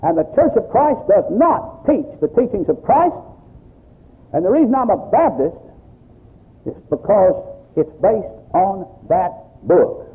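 A man's voice: sits high, sing-song, a little slow, husky. A Baptist pastor preaching an emphatic sermon to his congregation, quoting scripture as he goes. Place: church service. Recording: tinny phone-like lo-fi recording.

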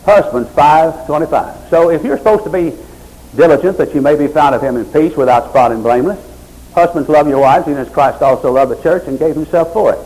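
Male pastor, middle-aged, high voice, fiery sermon, loud then hushed. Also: a little fast, poor audio. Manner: impassioned, swinging from loud high exhortation to low quiet pleading.

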